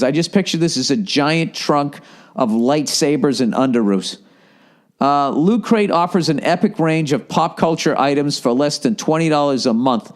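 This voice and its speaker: A podcast host, a man in his forties with a Boston accent, rambles through a casual, profane monologue. His voice sinks to low mumbles and then rises into loud bursts.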